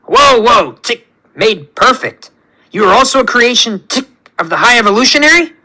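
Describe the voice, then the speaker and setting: A man's voice: very high voice, expressive, moderate pace, sharp tone, pitched above the performer's own voice, full character voice, rough recording. A man voicing a male insect-like alien creation whose speech is broken by clicking ticks. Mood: urgent.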